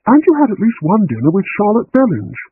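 A man reading an audiobook, voicing a sharp-tongued middle-aged woman detective in a blunt, snappish manner. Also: high voice, huge pitch swings, a little fast, slightly rough, pitched above the performer's own voice, full character voice. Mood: brusque. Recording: tinny phone-like line.

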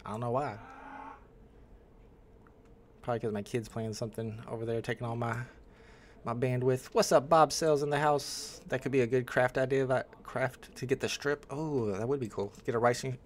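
A man chats loosely through a home livestream, thinking out loud and greeting viewers as their names come up. His pitch sits right in the middle range. A faint hum of background noise stays under his voice throughout. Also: steady tone, normal speed, long pauses. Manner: rambling, thinks aloud, greets chat. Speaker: livestream host. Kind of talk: casual livestream chat.

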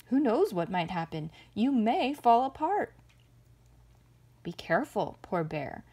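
A woman's voice: a little high, sing-song, slow pace, warm tone, full character voice. A woman voicing a clever male rabbit who talks in a sly, persuasive way in a storybook read-aloud. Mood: mock warning. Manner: sly, smooth-talking, persuasive.

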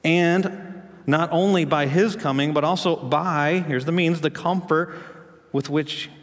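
A man preaching a sermon as pastor, telling a story and asking the congregation questions, rising in pitch and volume to make his points. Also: fairly even intonation, a little slow, big-room sound.

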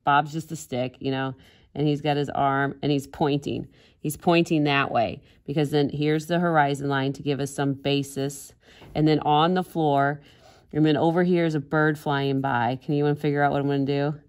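A woman's voice: low voice, flat delivery, normal speed. A woman art teacher giving a casual drawing demonstration, chatty and giggling at her own jokes.

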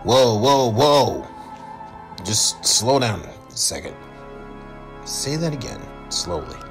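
A skeptical cartoon interrogator, in a very deep voice that rolls widely. He speaks slowly and doubtfully, with music behind. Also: big pitch swings. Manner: slow, skeptical.

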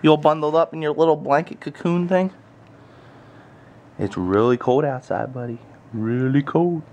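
A man's voice: a little high, moderate pace, darkish tone, muffled recording, slight background noise. A young man, a father, telling family stories casually in a vlog. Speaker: vlogging father.

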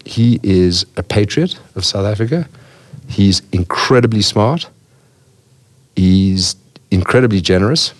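A middle-aged man with a very low, deep voice speaks as a guest on a podcast. He is chatty and frank, and he spins out anecdotes about the people he has met over the years. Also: unhurried, long pauses. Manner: chatty storyteller, frank and name-dropping. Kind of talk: podcast interview, anecdotal storytelling.

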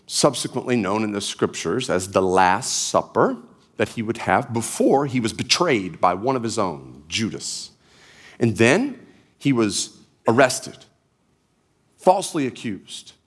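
A male pastor giving a sermon, telling a story with lively acted-out scenes. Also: mid-range voice, slightly rough. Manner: animated storytelling, acts out scenes.

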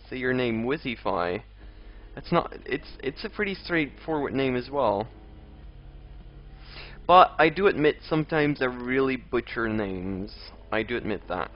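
A man's voice: mid-range voice, lively intonation, measured pace. A young man streaming a game live, chatting with viewers and grumbling at enemies. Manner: chatty, reads out and answers chat, exasperated outbursts at enemies. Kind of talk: live gameplay commentary. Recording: dull lo-fi stream audio with faint game music.

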